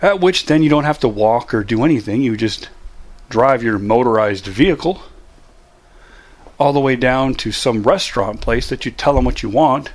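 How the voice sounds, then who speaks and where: A man's voice: mid-range voice, lively intonation, moderate pace. A middle-aged man giving a casual, emphatic motivational monologue, full of rhetorical questions. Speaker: motivational speaker.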